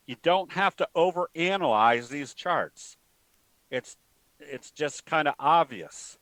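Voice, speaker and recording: A man teaching trading in a plain-spoken, folksy way, pausing often with fillers. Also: mid-range voice, fairly bright tone, no room sound, rough recording. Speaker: trading educator. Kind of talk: webinar talk with a told joke.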